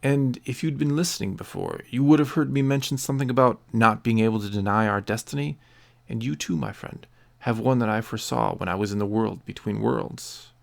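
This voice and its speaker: A man's voice: mid-range voice, fairly quick, creaky, close to an everyday voice. A man voicing a sorrowful, wise older male master in a read-aloud story. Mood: pleading.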